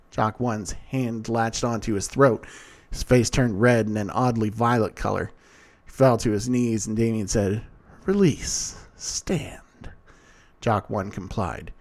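A man narrates a first-person story with a dry, sardonic bluntness. His voice sits at an ordinary male pitch with a strong gravelly fry running through it.

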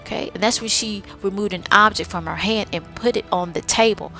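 A woman's voice: mid-range voice, a little fast, sharp tone, soft background music. A woman hosting a podcast, recapping her own short stories in a chatty, enthusiastic way with frequent asides to the listener. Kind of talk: casual recap.

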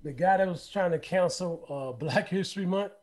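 A man's voice: sits high, moderate pace, darkish tone. A man co-hosting a podcast, talking bluntly and jokingly in casual group chat. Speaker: podcast co-host.

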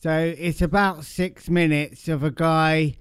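A man's voice: on the high side, steady tone, slow pace, clean tone, dry recording. A man co-hosting a podcast, chatting casually with dry, teasing interjections. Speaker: podcast co-host. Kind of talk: casual chat.

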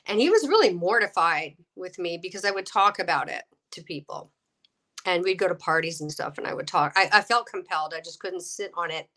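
A middle-aged woman with a bright, forceful voice tells her story with lively energy. She is getting over a cold, acts out the voices of people she quotes, and laughs often. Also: lowish voice, a little fast. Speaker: guest, actress and UFO experiencer. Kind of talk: animated storytelling.

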